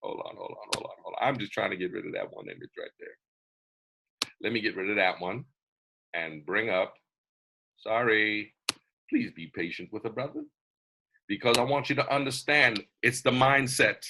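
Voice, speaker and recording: A man with a Southern US accent hosting a motivational mentorship webcast over a video call, talking in an animated, folksy, digressive way. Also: fairly low pitch, normal speed, vocal fry, pauses often, background noise. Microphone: computer mic on a video call.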